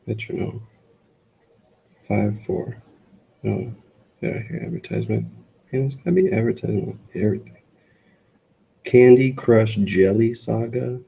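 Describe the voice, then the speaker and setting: Slow, gravelly-voiced man tutoring music. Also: lowish voice, dark tone, low-quality recording. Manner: rambling, self-correcting, lots of "like". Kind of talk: casual composing walkthrough. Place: campus tutoring room.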